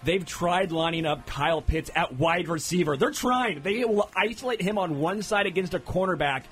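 Excitable sports show host, a man. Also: high-pitched, moderate pace, faint music behind. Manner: excitable, teasing, animated. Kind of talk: casual sports banter.

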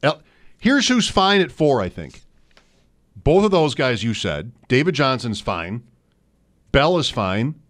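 A man's voice: medium pitch, sing-song, slow pace, long pauses, fairly bright tone. A man co-hosting a casual fantasy football chat, thinking aloud and rattling off player names. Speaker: co-host.

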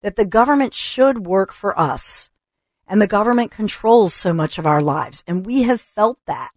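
A woman's voice: medium pitch, expressive, moderate pace, a little mellow, dry recording. Chatty woman radio host, dry studio. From Philadelphia area. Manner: chatty, reassuring, restarts often. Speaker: radio talk show host. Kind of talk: casual talk radio monologue. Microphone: studio microphone.

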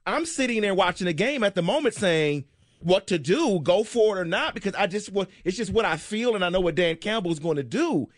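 A man's voice: high-pitched, animated, fairly quick, dry recording, studio quality. A man hosting sports talk radio, debating eagerly and cutting in to argue his point. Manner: eager, interrupting, argumentative.

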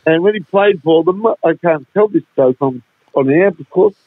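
A man's voice: a little high, no room sound. A man telling jokes and stories in radio banter, heard over a phone line. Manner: joking, drawn-out storytelling. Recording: tinny dry phone line.

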